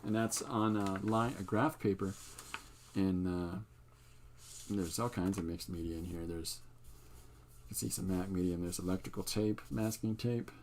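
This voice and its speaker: An older man with a fairly low voice talks through his own artwork in an easygoing show-and-tell. He wanders from point to point and is amused by his own jokes, with a faint hiss behind him. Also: moderate pace, pauses often. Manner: relaxed, meandering, self-amused. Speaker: artist and channel host. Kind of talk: casual show-and-tell livestream.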